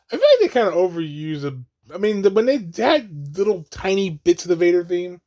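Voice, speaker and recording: Dude doing a laid-back movie commentary, kinda high voice, keeps laughing and cursing, does goofy character voices. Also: male voice, mellow, dull audio. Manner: laughs often, swears freely, mimics characters in a high voice. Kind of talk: casual movie watch-along commentary.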